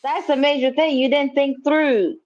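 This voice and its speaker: A woman with a slightly high voice, talking bluntly and swearing freely on a livestream. Her audio sounds dull and muffled, with the high end cut off. She answers fast and agrees readily. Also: fairly even intonation, darkish tone. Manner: blunt, profane, quick to agree. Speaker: livestream co-host. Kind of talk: casual livestream chat.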